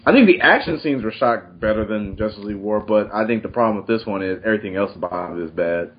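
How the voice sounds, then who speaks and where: A man's voice: lowish voice, quick pace, highs cut off. A man hosting a casual movie review podcast, teasing his co-hosts, swearing and laughing a lot. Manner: laughs often, teasing, profane. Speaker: podcast host.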